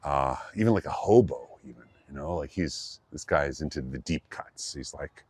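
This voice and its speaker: A man's voice: very deep voice, normal speed, few pauses, breathy edge, dry recording. A man, a qigong teacher, telling a fairy tale loosely and jokingly, with lots of fillers. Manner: rambling, jokey, many fillers. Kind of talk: loose casual storytelling.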